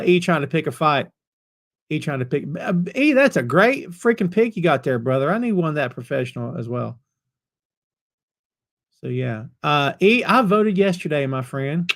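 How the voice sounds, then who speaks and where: A man hosting a wrestling podcast, chatting casually with live viewers and greeting them by name. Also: on the high side. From North Carolina. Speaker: podcast host. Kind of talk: casual chat reading live comments.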